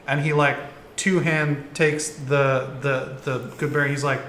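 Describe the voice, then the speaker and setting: A man's voice: a little high, flat delivery, unhurried, fairly bright tone, roomy sound, slight background noise. A man narrating as dungeon master, rambling and laughing as he voices the characters. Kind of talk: narrating a tabletop game.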